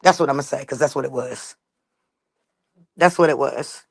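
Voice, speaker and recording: A woman's voice: a bass voice, moderate pace, vocal fry, slightly rough, no echo. A woman vlogger telling her own life story to viewers in casual talk, blunt, profane and emphatic.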